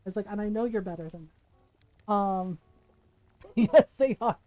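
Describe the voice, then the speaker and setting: A woman's voice: mid-range voice, moderate pace, mellow, poor audio. A middle-aged woman streaming, telling stories in casual chat and laughing often as she talks. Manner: chatty storyteller, laughs often.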